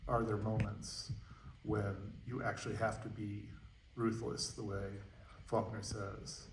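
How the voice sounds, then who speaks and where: A man moderating a post-screening Q&A, musing aloud with many pauses and fillers. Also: lowish voice, little pitch movement, creaky, slight background noise. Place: movie theater stage. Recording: roomy, distant theater audio.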